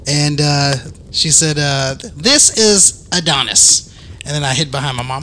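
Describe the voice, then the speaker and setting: A man hosting a casual podcast, telling a story with lively acted-out voices. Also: a little high, unhurried, a little hiss or hum. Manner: animated storyteller, acts out voices. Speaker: podcast host.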